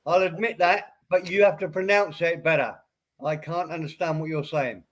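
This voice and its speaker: A man's voice: a little high, fairly even intonation, normal speed, a bit bright. A man in a casual livestream chat, patiently cutting in to make his point. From England.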